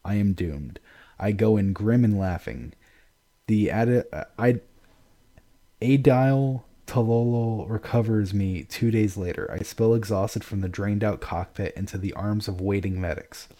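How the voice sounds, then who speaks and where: A man's voice: on the low side, a little slow, warm tone. A man reading a novel aloud with dramatic first-person narration and casual asides.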